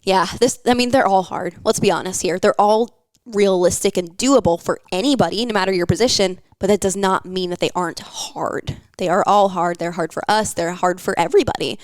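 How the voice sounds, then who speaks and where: A woman's voice: mid-range voice, a little fast, no room sound. Chatty young woman podcast host. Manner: chatty, filler-heavy, encouraging. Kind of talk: casual podcast talk.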